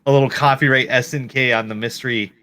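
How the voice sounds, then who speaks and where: A man co-hosts a casual gaming podcast with a bright, forward voice at a middling pitch. He talks in a playful, jokey way and tells his stories with animation. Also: fairly even intonation, fast talker, slight background noise. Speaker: podcast co-host.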